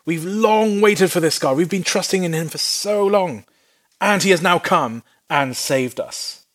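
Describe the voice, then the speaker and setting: A man preaching a Bible teaching sermon in a lively, humorous way, acting out little voices in quotes. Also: high voice, measured pace.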